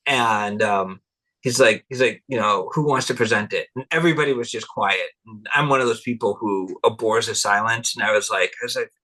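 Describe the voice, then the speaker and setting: With a lowish voice that's brisk, pushed and bright, a middle-aged man recounts rambling tales as a cultural anthropologist in a relaxed interview. He laughs a lot and acts out what people told him.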